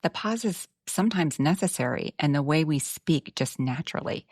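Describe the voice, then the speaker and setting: A woman's voice: low-pitched, expressive, normal speed, darkish tone, husky, dry recording, studio quality. A woman with a Texan twang, talking reflectively as a guest on a podcast. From Texas. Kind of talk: casual podcast conversation.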